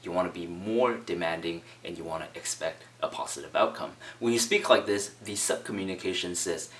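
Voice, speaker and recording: Deep-voiced man coaching conversation skills. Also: moderate pace, few pauses, a bit bright, distant mic. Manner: direct, emphatic, coaching. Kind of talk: instructional video monologue.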